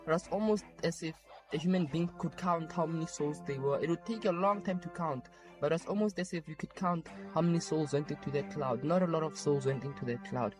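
A man's voice: on the high side, fairly quick, hardly any pauses. Earnest man retelling a dream. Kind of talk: personal testimony of a dream. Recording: faint background music.

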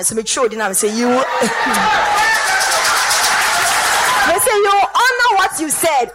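A woman with a Ghanaian accent giving an animated church testimony, slipping between English and Twi. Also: high voice, noisy background.

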